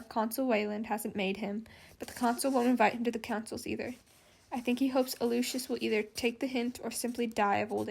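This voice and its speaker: A harried young woman in charge of an institute, fretful and exasperated, as a woman reads her. Her voice sits a little high, with gravelly edges as she pours out her worries. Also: a little mellow.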